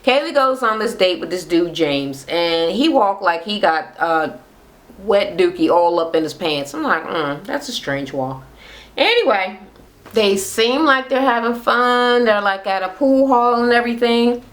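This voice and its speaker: A woman's voice: mid-range voice, lively intonation, a little slow. A young adult woman giving a casual, profane reality TV recap, animatedly acting out the cast's lines in voices. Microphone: camera mic, talking to camera.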